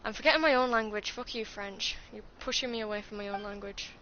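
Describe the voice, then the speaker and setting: A woman's voice: mid-range voice, fast, sharp tone, a little hiss or hum. A British woman with a Scottish tinge to her accent, chatting casually and swearing freely as she streams a game. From United Kingdom. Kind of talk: casual gaming stream chat. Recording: slightly dull stream audio with game music.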